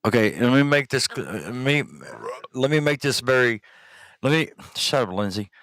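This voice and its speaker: A Texan man hosts a podcast in a casual live-stream chat style, his medium-pitched voice expressive and fairly bright at a normal speed, in a dry recording. He's crude and rambling, reading listeners' messages aloud.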